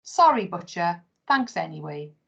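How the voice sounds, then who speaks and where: A woman voicing a small, bold, playful female sprite who calls out loudly in a storybook reading. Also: lowish voice, sing-song, unhurried, creaky, exaggerated voice. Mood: curious. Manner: loud calling out. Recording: dull lo-fi recording.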